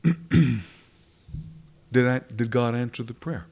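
A man's voice: medium pitch, slow, creaky, a little mellow. A man preaching a sermon in an earnest, emphatic way, asking rhetorical questions as he works through scripture.

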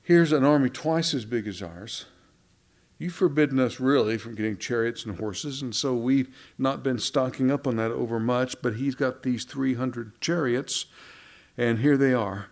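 Man, sermon, folksy conversational preaching, mid-pitched voice. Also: moderate pace, gravelly.

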